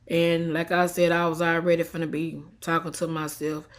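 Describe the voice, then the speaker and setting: A tearful woman, venting defiantly into a phone held at arm's length, swinging from quiet and subdued to heated. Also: sits low, flat delivery, moderate pace. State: tearful after crying. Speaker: vlogger. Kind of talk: emotional selfie vlog rant.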